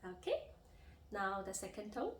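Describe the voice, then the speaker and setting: A young woman teaching a language lesson as a tutor, pausing to demonstrate tones with long drawn-out sung vowels. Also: medium pitch, sing-song, roomy sound, poor audio. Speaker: Mandarin and Cantonese tutor.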